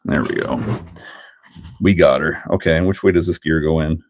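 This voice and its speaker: A man's voice: rumbling low, moderate pace. A middle-aged man with a Canadian accent hosting a casual livestream, joking, laughing often and chatting while he builds a kit. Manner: laid-back, jokey, laughs often, reads chat aloud. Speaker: livestream host.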